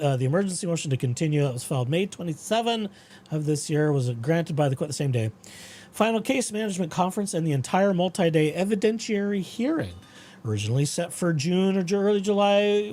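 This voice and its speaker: A man hosting a casual talk show, rambling about his dreams and reading out legal updates. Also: high voice. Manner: rambling, animated quoting of dreams. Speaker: podcast host.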